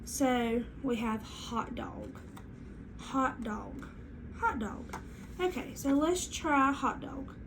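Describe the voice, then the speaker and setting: A woman teaches young children, her voice high and her pace slow and deliberate. She talks in a clear, sing-song classroom manner over a faint hiss of room noise. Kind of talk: read-aloud and classroom lesson.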